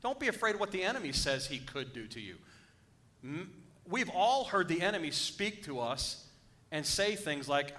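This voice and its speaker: Man preaching a sermon, bright sharp voice, a bit high, keeps asking the crowd questions. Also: sing-song, moderate pace. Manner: emphatic, checks in with the congregation. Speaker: pastor.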